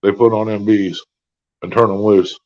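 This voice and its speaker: A low-voiced man with a drawl talks easily and without hurry. The sound is dull and lo-fi. He chats with a folksy, unhurried manner. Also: fairly even intonation, a little mellow. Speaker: live stream host. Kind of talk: casual chat. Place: hospital room.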